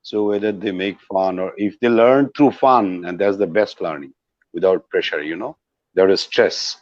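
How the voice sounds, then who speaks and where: A middle-aged teacher speaks English with a Bangladeshi accent, his voice very low. He lectures in a repetitive way, full of fillers and restarts. The sound is dry and a bit muffled. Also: moderate pace, a little mellow, dry recording. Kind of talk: explanatory talk on language learning.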